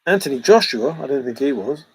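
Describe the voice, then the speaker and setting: This livestream host is a middle-aged man with a husky, medium-pitched voice, animated and fairly quick as he banters, jokes and laughs with viewers answering chat. The casual talk is captured in a low-quality recording.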